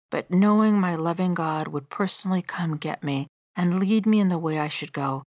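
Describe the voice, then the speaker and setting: A middle-aged woman narrating her own devotional book in a gentle, measured, earnest reading. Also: fairly low pitch, no room sound, clean studio sound.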